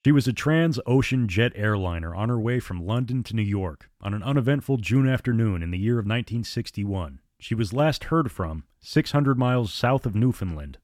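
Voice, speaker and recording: A man narrating a suspense story in a measured, dramatic audiobook reading. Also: lowish voice, expressive, a little mellow, no room sound, clean studio sound.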